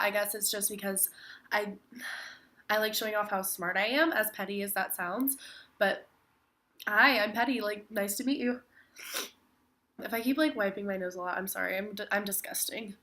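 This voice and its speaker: A woman's voice: medium pitch, a bit bright. A teenage girl, sick and stuffy, chatting casually to camera in a self-mocking way, saying "like" constantly. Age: teens. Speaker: vlogger. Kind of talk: casual chat.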